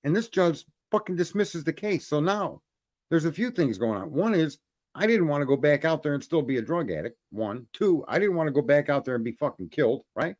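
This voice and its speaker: A male host rants through a profane story, blunt and restless, tripping over his sentence openings. His voice sits a touch high and swings widely in pitch. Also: big pitch swings, brisk, a little mellow. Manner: blunt, profane, ranting, addresses folks; repeats words when starting sentences.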